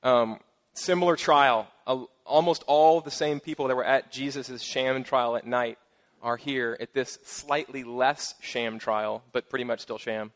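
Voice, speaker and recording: A middle-aged man with a mid-range voice preaches a sermon as pastor. He's casual and playful, with joking asides and lively emphasis.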